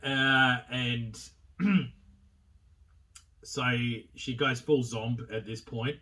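A man's voice: medium pitch, steady tone, drawn-out words, pushed and bright, distant mic. A man with a mid-range voice talks his way through a film review in a loose, offhand manner. He rambles, swears freely and leans on fillers as he goes. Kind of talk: casual spoken film review.

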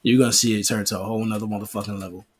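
A man with a husky, slightly rough voice talks in a casual podcast chat. His delivery is blunt and jokey, with casual swearing thrown in. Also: fairly low pitch, fairly even intonation, rapid-fire. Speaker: podcast co-host.

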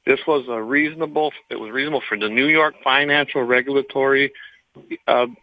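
A man's voice: medium pitch, fairly even intonation, fairly quick, dry recording, highs cut off. A man co-hosting a gun talk radio segment, explaining court news with small hesitations.

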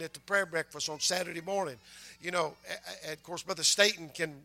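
An older man preaching a sermon, conversational and punctuated with amens, building to loud, emphatic passages. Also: on the high side, steady tone, brisk, gravelly. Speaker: pastor.

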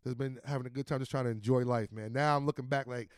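A man hosting a casual podcast chat, an animated and profane storyteller. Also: medium pitch, quick pace, no echo, clean studio sound. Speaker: podcast host.

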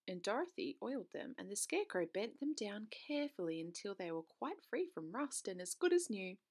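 A woman narrating a children's book aloud in an expressive storytelling manner, with occasional stumbles. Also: mid-range voice.

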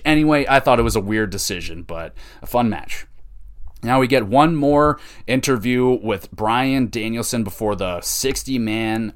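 A man hosting a podcast, casually recapping wrestling shows, excitable and swearing freely. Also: fairly low pitch. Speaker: podcast host.

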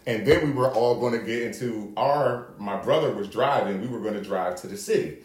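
A man's voice: on the low side, brisk. A man co-hosting a podcast, telling a wild story in a loose, profane, laughing way. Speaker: podcast co-host. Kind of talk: casual storytelling chat. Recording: echoey room with faint noise.

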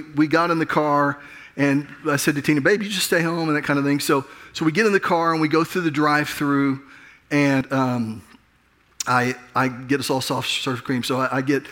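A middle-aged pastor with a slightly high, fairly bright voice preaches a sermon. He tells a personal story conversationally and self-deprecatingly, restarting often.

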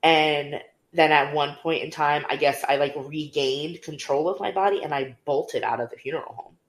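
A young woman co-hosts a podcast, her low voice moving at normal speed as she chats casually and tells candid stories full of fillers. The room is echoey, giving the recording a roomy sound.

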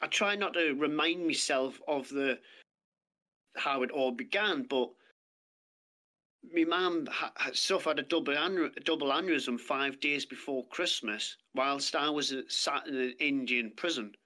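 A man's voice: mid-range voice, unhurried, bright, forceful tone. A British man telling his story as a podcast guest, plain-spoken and blunt, with heavy swearing. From Britain. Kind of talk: casual storytelling chat. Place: podcast studio.

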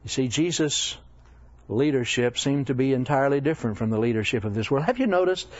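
A man's voice: mid-range voice, a little fast, no echo. A man preaching as a Bible teacher, telling stories with humor and self-deprecating asides. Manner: animated, self-deprecating, chuckling often. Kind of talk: humorous sermon storytelling. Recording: dull lo-fi dry recording.

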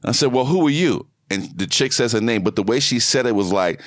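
A man co-hosting a casual chat, telling animated stories and swearing freely. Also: medium pitch, fairly quick, no echo, clean studio sound. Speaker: podcast co-host. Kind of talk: casual profane banter.

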